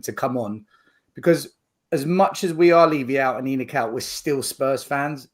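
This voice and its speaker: A man hosting a football supporters' show, upbeat and chatty as he welcomes his guests. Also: mid-range voice. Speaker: podcast host. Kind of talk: casual fan chat.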